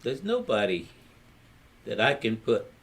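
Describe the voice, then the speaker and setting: A man's voice: fairly low pitch, wildly swooping pitch, unhurried. Older Louisiana man, plain-spoken elder recalling family history at length. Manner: rambling, plain-spoken storyteller acting out quotes. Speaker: family elder telling his story. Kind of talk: storytelling in a family history recording.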